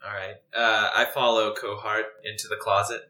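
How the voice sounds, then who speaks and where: A man playing in a casual tabletop game, low-key and matter-of-fact. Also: little pitch movement, moderate pace, pushed and bright. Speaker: player. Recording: roomy echo.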